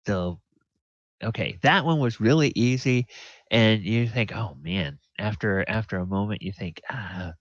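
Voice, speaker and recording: A man running a tabletop game as game master, unhurried and thinking aloud with many fillers. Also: on the low side, dry recording. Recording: dull lo-fi audio.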